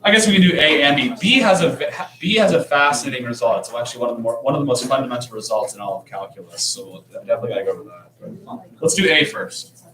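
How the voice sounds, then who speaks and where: A man's voice: medium pitch, quick pace, sharp tone. A man teaching a calculus class, explaining problems in a casual, joking way. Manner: joking, conversational. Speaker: math teacher. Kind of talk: classroom lesson. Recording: echoey classroom, distant mic.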